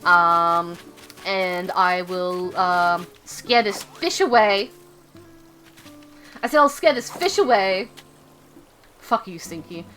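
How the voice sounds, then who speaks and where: A woman's voice: on the low side, slow pace, pauses often, sharp tone, soft background music. A woman streaming a game, chatting casually and rambling with many fillers and jokes.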